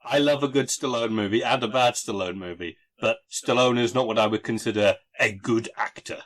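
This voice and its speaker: A man's voice: mid-range voice, brisk, fairly bright tone. A man hosting a casual podcast, talking wryly and sarcastically about old films, swearing now and then. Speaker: podcast host. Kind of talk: casual chat.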